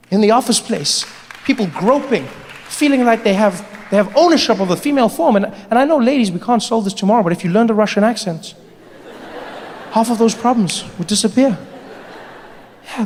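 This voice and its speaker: A man doing a stand-up comedy set on a large theater stage, telling his story in an animated way, with sudden drops and jumps in his voice. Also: high-pitched. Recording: live show in a reverberant hall.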